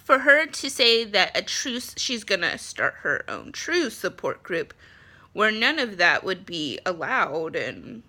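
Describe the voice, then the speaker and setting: A woman's voice: medium pitch, very animated, slow, sharp tone. A woman in her thirties, congested and a bit nasal, venting in a blunt, frustrated monologue full of ums and swearing. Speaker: vlogger, spouse of an ill partner.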